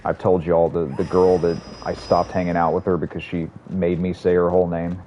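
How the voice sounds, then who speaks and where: A game streamer talks in a low, dark, monotone voice at a brisk clip, swearing as he rambles through casual chat and stories. The audio is a bit muffled, with faint hum from the room.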